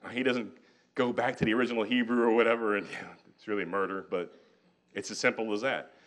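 A man's voice: lowish voice, fast talker. A man giving a storytelling history lecture in a lecture hall, acting out the quotes as he goes. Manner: animated storyteller who acts out quotes.

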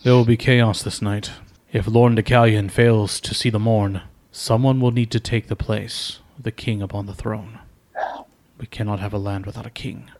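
A man voicing an old noble father and royal counselor, grave, measured and coldly pragmatic. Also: fairly low pitch, fairly even intonation, a little mellow, close to an everyday voice.

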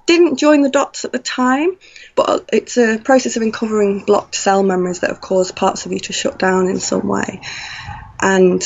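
A woman telling a personal story in an animated way, acting out her own past thoughts. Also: medium pitch, gravelly. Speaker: guest. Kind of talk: conversational storytelling. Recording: slightly dull lo-fi audio.

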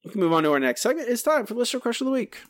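A man hosting a podcast, reading listener answers aloud in a relaxed, chatty way with some self-corrections. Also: extremely high pitch, rapid-fire, dry recording, clean studio sound. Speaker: podcast host.

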